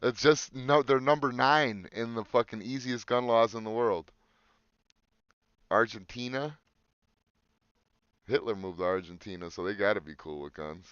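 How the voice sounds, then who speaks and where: Low-voiced man swearing through a casual podcast. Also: normal speed, long pauses, a bit bright, clear, resonant tone, no echo, dull audio. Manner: crude, joking, swears freely. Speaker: podcast co-host. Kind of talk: casual podcast chat, reading search results aloud.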